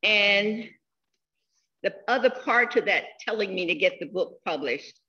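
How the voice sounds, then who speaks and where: A woman in her sixties giving a funeral eulogy, telling stories in a slow, heartfelt way. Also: medium pitch, expressive, bright, forceful tone, muffled recording. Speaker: eulogy speaker.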